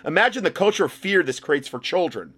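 A man with a slightly raised pitch, reading documents aloud and cutting in with sarcastic commentary. He mocks what he reads and breaks into loud, exaggerated outbursts. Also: sing-song, fairly quick, breathy edge. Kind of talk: sarcastic commentary with read-out passages.

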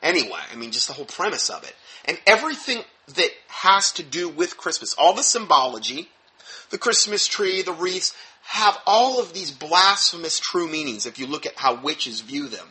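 A man preaching in an emphatic, animated teaching style, stressing points sharply and dropping into low mumbled asides. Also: normal speed. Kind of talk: sermon-style teaching talk.

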